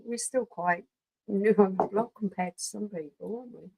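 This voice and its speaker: A woman co-hosting a casual beer livestream, soft-spoken, laughing along and thanking viewers. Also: mid-range voice, normal speed, creaky, husky, poor audio. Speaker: co-host.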